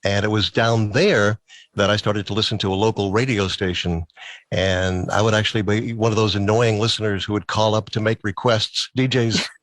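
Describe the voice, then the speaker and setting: Low-voiced, chatty male interview guest. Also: steady tone, normal speed, fairly bright tone, dry recording. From Massachusetts. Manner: talkative, chuckling storyteller. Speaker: guest, musician and former DJ. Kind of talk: casual interview storytelling.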